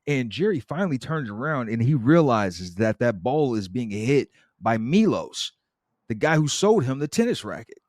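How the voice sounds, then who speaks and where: A man co-hosting a podcast, retelling a TV episode in casual chat with lively storytelling. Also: medium pitch, moderate pace, dry recording, clean studio sound. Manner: lively storytelling with acted-out quotes. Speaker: podcast co-host.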